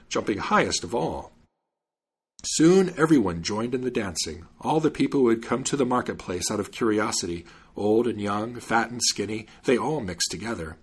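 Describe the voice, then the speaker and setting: Husky, animated male storyteller. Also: medium pitch. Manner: expressive, animated reading. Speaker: podcast host and storyteller. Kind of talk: scripted narration of a fairy tale.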